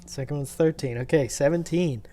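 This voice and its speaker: A man narrating as dungeon master of a tabletop game, halting, with many pauses and fillers. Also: on the high side, crowd noise. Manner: halting, full of uhs and ums.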